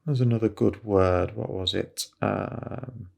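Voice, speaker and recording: A man, an English teacher, slowly reading a story aloud for learners and stopping to point out new words. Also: fairly low pitch, fairly even intonation, vocal fry. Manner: slow, careful reading with vocabulary asides.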